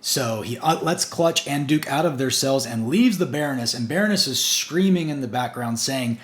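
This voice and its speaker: A man's voice: mid-range voice, animated, normal speed, few pauses, a bit bright. A man casually recapping a comic book issue, stringing events together in long run-on sentences. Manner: chatty, recounts the plot in long run-on strings with "and" and "basically".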